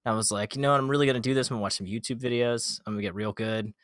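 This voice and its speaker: A man telling a gaming story in a casual podcast chat, animated, swearing often and acting out quotes. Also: medium pitch, very fast, no room sound, clean studio sound. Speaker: podcast guest.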